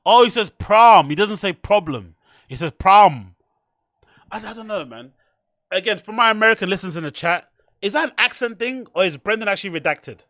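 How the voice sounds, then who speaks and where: A man with a notably high voice gives casual livestream commentary on clips, swearing freely and laughing often. He sounds incredulous and teasing. His voice is recorded dry and close, with no room sound. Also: lively intonation, a little fast, pushed and bright, no room sound. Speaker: podcast host.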